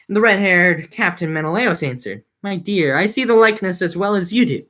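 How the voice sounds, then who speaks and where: Young woman, low-ish voice, casual reader who drops into slangy jokes. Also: lively intonation, moderate pace, few pauses, a bit bright. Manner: mixes reading with joking slangy recaps. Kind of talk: casual reading with comic summaries.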